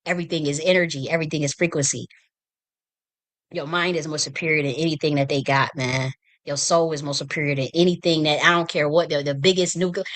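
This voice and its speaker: A woman's voice: low voice, fairly bright tone. Fiery, profane woman ranting on livestream. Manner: heated, profane, repetitive restarts. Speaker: livestream host. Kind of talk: impassioned political livestream rant. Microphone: streaming mic.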